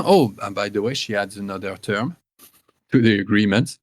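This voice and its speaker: A man narrating a tabletop game as game master, halting and full of fillers and restarts. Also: fairly low pitch, dry recording.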